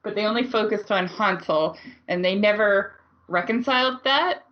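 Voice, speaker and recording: A woman co-hosts a podcast in relaxed, chatty conversation, blunt and often laughing as she talks. Her voice sits at an ordinary pitch. The recording is a little muffled and dull. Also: normal speed. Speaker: podcast co-host. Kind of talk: casual movie discussion.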